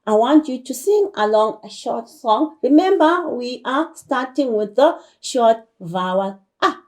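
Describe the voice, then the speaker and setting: Slow, coaxing woman teacher. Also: on the high side, expressive, a little mellow. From South Africa. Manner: slow, repetitive, coaxing delivery with frequent "all right" and "okay". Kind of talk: broadcast classroom lesson for young children.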